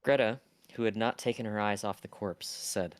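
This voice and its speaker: Reading a classic novel on his livestream, a man with a very deep, clean-toned voice keeps a moderate pace but sometimes trips over the wording and starts lines again. He's casual and drops blunt asides, recorded right up on the mic so there's no room echo whatsoever.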